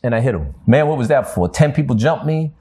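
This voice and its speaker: Animated older man telling street stories. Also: medium pitch, brisk, gravelly, breathy edge. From New York. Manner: animated storyteller, streetwise slang. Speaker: interview guest. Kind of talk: storytelling interview.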